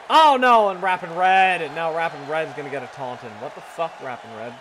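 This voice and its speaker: A man doing casual, profane play-by-play commentary of a wrestling video game, excitable and jokey, often shouting and laughing. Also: fairly high pitch, brisk, few pauses. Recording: loud crowd and game noise behind. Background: video game arena crowd.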